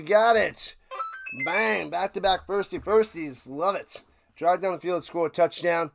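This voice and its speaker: A man hosting a live football watch party, calling plays and ranting, swinging between shouts and low mutters and repeating himself. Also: unhurried, creaky. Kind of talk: live play-by-play and reaction commentary.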